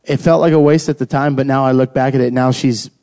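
A man's voice: medium pitch, steady tone, quick pace, dark tone. A man sharing his family's faith testimony in a casual, earnest way, often acting out quoted lines.

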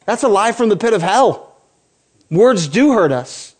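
A man's voice: high voice, sing-song, a little slow, husky. A man in his forties, a pastor preaching a sermon with passion, building to emphatic peaks and breaking off into playful asides.

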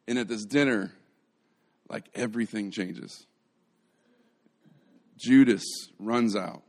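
A middle-aged man preaching a sermon, retelling a story with lively energy and frequent restarts. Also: medium pitch, takes it slowly, pauses often. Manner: storytelling, animated, with many restarts. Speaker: pastor.

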